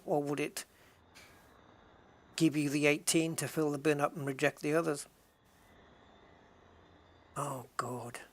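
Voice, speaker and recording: A casual game streamer talking through play live, thinking aloud and tallying things up as they go. The delivery is chatty and relaxed, with quick restarts and asides to viewers. The pitch sits in the middle of the range. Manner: thinks aloud, counts items and chats with viewers. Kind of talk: live gameplay commentary.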